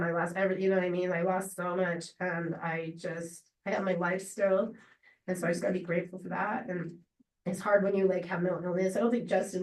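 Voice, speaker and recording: A woman giving an unscripted memorial tribute to a friend, halting and rambling with many fillers and restarts. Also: on the low side, a little mellow. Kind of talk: emotional unscripted memorial speech. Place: memorial gathering room. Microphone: distant laptop or room mic on a video call. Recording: roomy, distant video-call audio.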